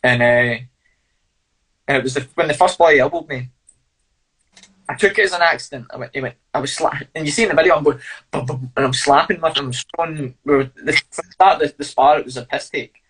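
A man with a husky, slightly rough voice, chatting as an interview guest. He tells blunt, sweary stories in a relaxed, laughing way. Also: a little high, fast, poor audio. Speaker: fighter and guest. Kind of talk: casual storytelling interview.

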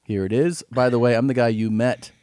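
A man's voice: medium pitch, fairly even intonation, fairly quick, darkish tone, no echo. A man co-hosting a comedy podcast, chatting casually in a laid-back, drawling way and reading listener messages aloud. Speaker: podcast co-host.

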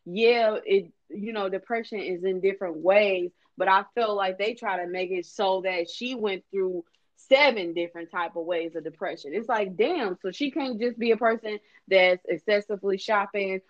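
A woman co-hosting a podcast in a relaxed, conversational chat, often reacting with short affirmations. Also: mid-range voice, normal speed, few pauses. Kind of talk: casual chat. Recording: dull lo-fi recording.

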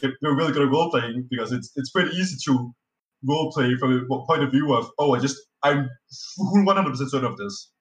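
A fast-talking man with a mid-range voice guests on a podcast, his native language Danish. He wanders through a tabletop game anecdote in easygoing storytelling mode, loaded with fillers, false starts and swearing, and the sound is echoey and slightly off-mic.

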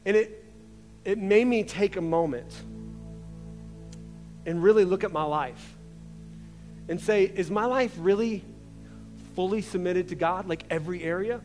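A man's voice: sits high, a little slow, long pauses, a little mellow. Man, young adult, pastor, conversational sermon, frequent restarts, long church reverb. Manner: casual, conversational preaching with many restarts. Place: large church hall. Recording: reverberant church hall with faint music.

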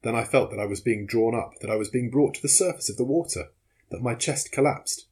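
A man reading a classic adventure novel aloud in measured, dramatic first-person narration. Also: mid-range voice, darkish tone, slightly rough.

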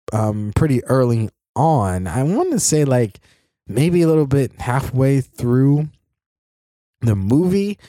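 Man, casual movie review, rambling with fillers, low-ish voice, dry recording. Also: mellow, dry recording. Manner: rambling, many fillers and restarts. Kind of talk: casual spoken film review.

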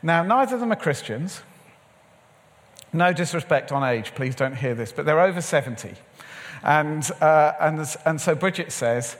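A middle-aged man delivers a sermon in an easy, storytelling manner, acting out bits of conversation along the way. His voice sits a little high for a man. The sound rings out with a long reverb, as in a large hall. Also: expressive, moderate pace. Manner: conversational storytelling with acted-out dialogue. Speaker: preacher. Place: large church or event hall.

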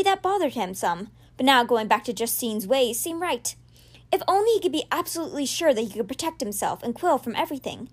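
Lively woman reading a storybook aloud. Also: high voice. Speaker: podcast reader. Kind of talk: reading a children's novel aloud.

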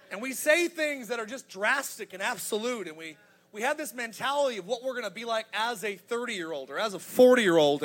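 Preaching with energy and humor, this thirties-aged male pastor drives his sermon toward emphatic points in a high voice.

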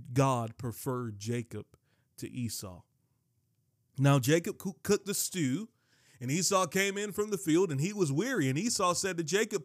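A man's voice: medium pitch, dry recording, clean studio sound. A man preaching a sermon, emphatic, repeating key phrases and reading scripture aloud. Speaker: pastor.

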